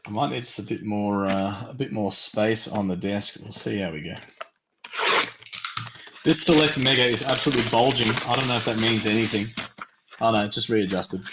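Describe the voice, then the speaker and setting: A man hosting a live-stream trading card break, tired and yawning, chatty as he reads teams and cards in quick lists. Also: on the low side, roomy sound, heavy background noise. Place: at a desk during a live stream.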